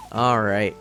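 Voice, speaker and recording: A man's voice: lowish voice, sharp tone. A man casually streaming a life-sim game, chatting and laughing as he reads chat aloud and explains his setup. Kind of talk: casual live-stream commentary.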